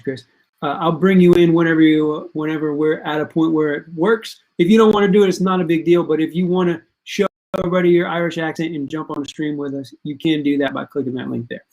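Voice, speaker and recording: An adult parent hosts a casual online quiz stream for students, chatting and reading out the players' answers and scores. The voice sits in the mid range with a darkish tone.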